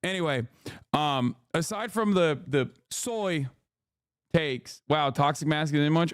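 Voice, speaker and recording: Crude, combative male streamer, crisp voice. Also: fairly high pitch, a little slow, dry recording, studio quality. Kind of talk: profane live-stream rant.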